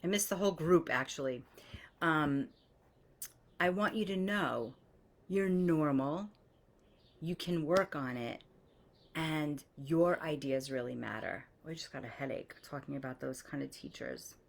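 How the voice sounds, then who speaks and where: A woman's voice: low-pitched, unhurried, vocal fry, slight background noise. A woman coach telling a story in a casual monologue. She is candid and blunt, swears freely and acts out the people she describes. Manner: lively, animates quoted voices. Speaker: spiritual coach.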